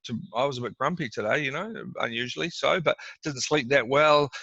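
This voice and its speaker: A gravelly, bright-toned middle-aged man speaks in easy conversational fashion, restarting phrases and acting out quoted exchanges. The sound is dry and somewhat dull, like a video call. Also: medium pitch, brisk, no room sound. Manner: conversational, repeats words, acts out quoted exchanges. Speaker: doctor giving advice. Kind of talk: casual explanatory interview talk.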